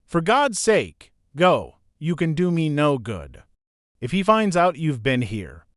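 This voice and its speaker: A man's voice: a little high, sing-song, slow, a bit bright, no room sound, studio quality, full character voice. A male audiobook narrator voicing a terrified young woman who pleads in fear. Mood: pleading. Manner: pleading, fearful. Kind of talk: audiobook character reading.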